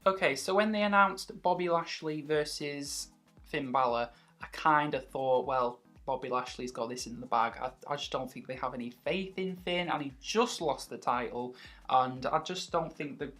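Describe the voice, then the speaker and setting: A woman's voice: sits low, normal speed, fairly bright tone, faint music behind. A woman vlogging wrestling predictions in a chatty, casual way, acting out other people's reactions as she talks. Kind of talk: casual chat.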